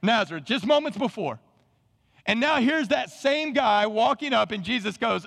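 A man preaching a sermon to his church, animated and calling on the congregation to answer. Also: extremely high pitch, normal speed, creaky, in a large hall. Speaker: pastor. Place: church sanctuary.

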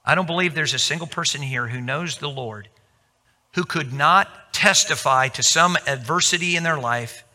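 A pastor with a medium-pitched, sharp voice preaches to his congregation in a big-sounding room. He tells stories and acts out the voices of the people in them.

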